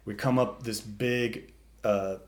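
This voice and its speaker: A man telling a long story in casual chat, animated and swearing freely as he acts out the animals. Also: lowish voice, slow.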